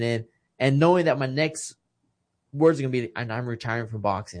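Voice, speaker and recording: A man's voice: mid-range voice, fairly quick. A man in his thirties, a retired boxer from Texas, telling an emotional personal story in a casual interview, earnest and full of restarts.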